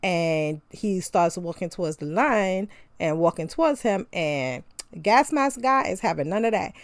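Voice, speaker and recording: A young woman recapping a TV show in a loose, chatty way, tossing in slangy asides and getting animated. Her voice sits a little low. The sound is dry and close, with no room around it. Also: a little slow, no room sound. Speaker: TV show reviewer. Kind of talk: casual episode recap.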